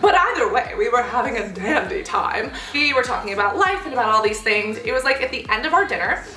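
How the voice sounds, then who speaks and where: A young woman telling a story on her vlog in a lively way, with big jumps in pitch when she acts out quotes. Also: fairly quick, reverberant, rough recording. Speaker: vlogger.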